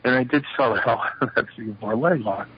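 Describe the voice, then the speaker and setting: A man's voice: medium pitch, fast, slightly rough. An older man, a guest in an interview, tells stories about his past, acting out the lines of the people in them. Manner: animated storyteller acting out quoted dialogue. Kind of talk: shoot interview storytelling. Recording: slightly muffled lo-fi interview audio.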